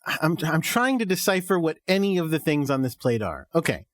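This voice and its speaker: A man's voice: a little high, sing-song, brisk, no room sound, studio quality. Giggly man on a fan podcast. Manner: laughs often, acts out characters' lines. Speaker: podcast co-host. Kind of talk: casual fan chat.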